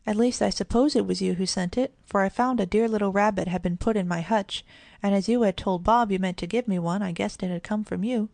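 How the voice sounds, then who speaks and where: A woman voicing an eager, excitable little girl in a storybook, speaking higher and exclaiming. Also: a little fast, vocal fry, dry recording, close to an everyday voice.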